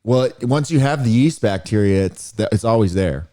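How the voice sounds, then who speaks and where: Guy on a podcast riffing a goofy doctor bit, mellow kinda dark voice, deadpan. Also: fairly low pitch, moderate pace. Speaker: podcast co-host. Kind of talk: improvised comedy sketch.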